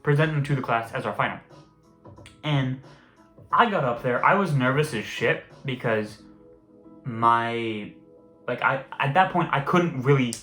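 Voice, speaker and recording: A man's voice: medium pitch, a bit bright. A young man telling a casual story, rambling and swearing often. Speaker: vlogger. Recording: roomy echo, faint music behind.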